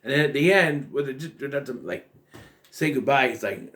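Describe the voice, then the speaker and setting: Man, casual movie review vlog, rambling delivery, filler words, ordinary mid pitch. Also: a little fast, a bit bright. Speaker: film review vlogger. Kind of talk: casual spoken movie recap.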